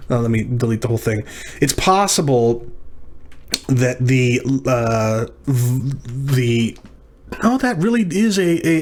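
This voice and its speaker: A man teaching a language lesson, working through practice words aloud, thinking as he goes and correcting himself. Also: medium pitch. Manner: thinking aloud, self-correcting, sounding out syllables. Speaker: language instructor. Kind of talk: recorded lecture practice walkthrough.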